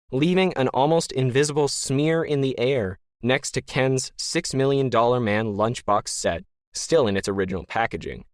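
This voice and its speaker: A man narrating a science-fiction story in a wry, deadpan manner. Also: medium pitch, no room sound, clean studio sound. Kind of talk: scripted narration.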